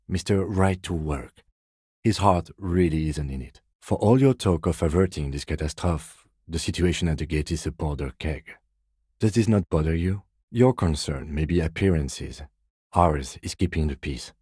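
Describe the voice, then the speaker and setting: An actor playing a reserved, precise middle-aged police lieutenant in a video game, speaking in a measured, formal, dry way. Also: male voice, rumbling low, dark tone, husky, dry recording. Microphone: close studio mic.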